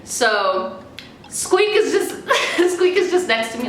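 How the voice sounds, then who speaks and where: A chatty, foul-mouthed young woman from New York, telling a story with lots of energy. Her voice is bright, a little high and forceful. The room sounds echoey, with faint music behind her. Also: normal speed, slight background noise. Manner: animated, profane, chatty. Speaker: vlogger. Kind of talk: casual storytime. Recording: roomy echo with faint music.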